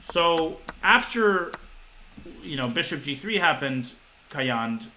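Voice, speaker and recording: Bright-voiced man teaching chess to chat. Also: fairly high pitch, animated, a little hiss or hum, rough recording. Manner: quick, talks to chat, thinks aloud with restarts. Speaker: chess coach streamer. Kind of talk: live-streamed chess lesson.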